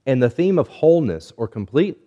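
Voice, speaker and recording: A man preaching a sermon, measured and deliberate, stretching key words and letting phrases fall quiet at the end. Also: big pitch swings, lo-fi sound. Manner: drops low and quiet at phrase ends. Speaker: pastor.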